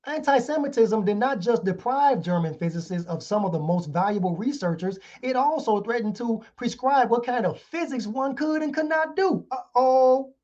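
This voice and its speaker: A man's voice: high voice, animated, normal speed, hardly any pauses, a little mellow. Heated man lecturing, lo-fi sound. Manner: rhetorical, keeps asking "hmm?", heated. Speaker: online show host. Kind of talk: casual lecture reading articles. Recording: dull lo-fi sound.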